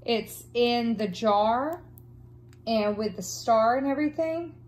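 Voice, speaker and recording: A woman, chatting casually and gushing excitedly while unboxing craft supplies and reading out numbers. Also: a little high, slow. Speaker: craft vlogger.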